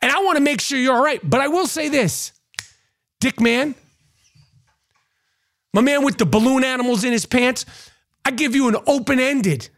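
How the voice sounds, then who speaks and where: A man's voice: extremely high pitch, moderate pace, pauses often, a bit bright. A man and podcast host ranting to camera, crude and mocking, often repeating himself. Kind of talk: profane ranting monologue to camera.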